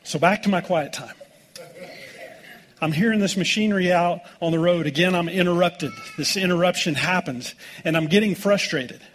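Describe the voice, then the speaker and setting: A man's voice: sits high, moderate pace, fairly bright tone, slight background noise. A middle-aged American man preaching a sermon as pastor, telling folksy stories with jokes. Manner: folksy, joking storytelling with laughs.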